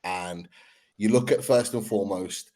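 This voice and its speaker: Lowish-voiced man analysing football. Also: dark tone, a little hiss or hum. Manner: measured, explains point by point with fillers. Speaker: fan podcast panelist.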